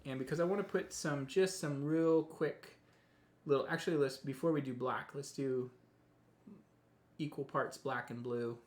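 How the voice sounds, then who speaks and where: A man's voice: mid-range voice, moderate pace, echoey room. Chatty male painting instructor. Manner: relaxed, chatty, thinks aloud with restarts. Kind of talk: live painting tutorial.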